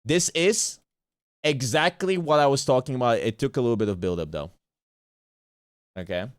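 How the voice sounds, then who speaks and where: A man's voice: mid-range voice, moderate pace, clean tone, no room sound, clean studio sound. A man streaming a watch party who rants in casual chat, swearing often and repeating himself. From Bosnia.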